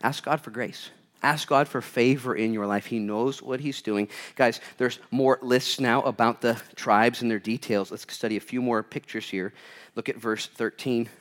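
A man preaching a sermon and reading scripture, swinging between loud bursts and hushed asides. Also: mid-range voice, moderate pace. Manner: reads scripture aloud. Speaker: pastor.

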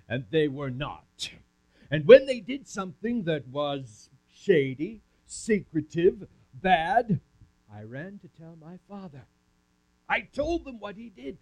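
A man's voice: a little high, very animated, takes it slowly, darkish tone. A man giving a first-person dramatic monologue as a camp speaker, talking with an audience volunteer in a theatrical way. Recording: muffled lo-fi recording.

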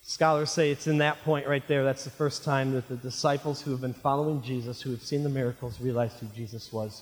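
Energetic preaching pastor in a reverberant hall. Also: male voice, mid-range voice, fairly quick, few pauses. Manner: preaching with call-and-response questions, voice swinging from shouts to near hush. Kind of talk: sermon. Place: church sanctuary. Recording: long hall reverb of a church.

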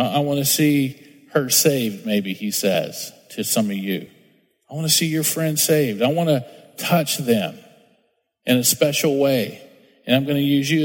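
A middle-aged man preaches to his congregation, talking casually and telling personal stories, often slipping into quoted voices. His voice sits at an ordinary middle pitch, and the sound rings with the long reverb of a large hall. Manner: storytelling with acted-out quotes, conversational. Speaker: pastor. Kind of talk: sermon. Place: church sanctuary.

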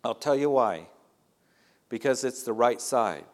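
A man's voice: medium pitch, expressive, a little slow. A middle-aged male pastor preaching a sermon in a conversational way, building to rising emphasis at key points.

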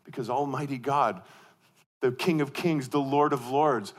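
A man preaching a sermon, asking rhetorical questions and swinging from forceful emphasis to hushed intensity, often repeating and restarting his phrases. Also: mid-range voice, a little slow. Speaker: pastor.

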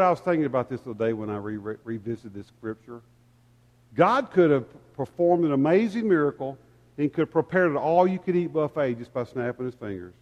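A man's voice: medium pitch, lively intonation, brisk, muffled recording. A man preaching a sermon to a congregation, speaking candidly and self-deprecatingly, piling up rhetorical questions. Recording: long hall reverb.

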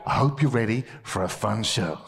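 A man's voice: on the low side, expressive, normal speed, vocal fry, a bit bright. A man entertaining children at a camp as a ventriloquist, playful and jokey, mixing gags with encouragement about faith. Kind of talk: lively children's show with preaching. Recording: hall reverb.

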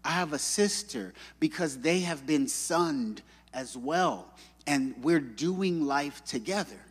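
Male pastor, lively sing-song sermon delivery, fairly high voice, playful acted-out quotes, recorded with long hall reverb. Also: slow, breathy edge. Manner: animated storytelling with acted-out quotes.

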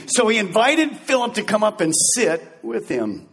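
A male pastor delivers a lively, joking sermon and acts out little scenes. His voice sits high and swings widely, with a husky edge. A long reverb from a large hall trails behind him. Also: moderate pace. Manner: animated and joking, acting out scenes.

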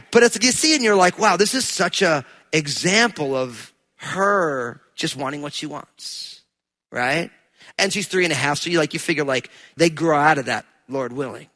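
High bright-voiced pastor from New Jersey. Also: male voice. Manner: conversational storytelling that swells into loud preaching. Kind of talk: sermon.

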